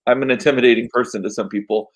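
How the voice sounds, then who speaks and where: A man hosting a casual chat, rambling with lots of fillers, a bit hoarse as he loses his voice. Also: medium pitch, fairly even intonation, very fast, poor audio. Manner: chatty, rambling with frequent fillers. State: losing his voice, coughing. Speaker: podcast host.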